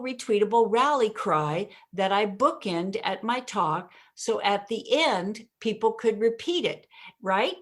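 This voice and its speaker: A woman talks as an interview guest about how to deliver a message. She performs her examples with deliberate pauses and drawn-out words. She laughs easily as she goes. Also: medium pitch. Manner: expressive, demonstrates delivery with pauses and emphasis; laughs often while talking. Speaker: communication coach, guest.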